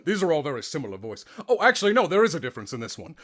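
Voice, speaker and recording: Lively higher-voiced man chatting. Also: rapid-fire. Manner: animated, demonstrates voices mid-sentence. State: voice tired at the end of a long day. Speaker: podcast host. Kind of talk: casual chat about voice acting.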